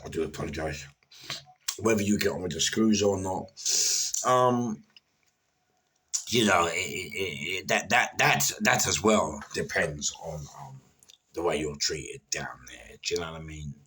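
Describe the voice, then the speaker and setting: A middle-aged former prisoner from London tells rambling, casual stories about his past, often stuttering and repeating words. His deep, husky voice is bright and forceful, and he takes his time.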